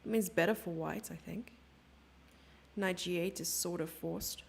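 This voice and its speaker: Chatty woman streaming chess commentary, gravelly. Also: on the low side, steady tone, a little slow. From Germany. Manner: chatty, self-mocking, thinking aloud over moves. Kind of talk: casual live-stream commentary.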